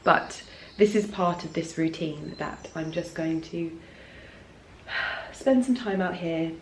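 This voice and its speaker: Out in her home garden, an Englishwoman in her thirties vlogs in a chatty, gushing way, often restarting and letting thoughts trail off. She speaks slowly in a lowish voice, and there's a little hiss or hum on the recording.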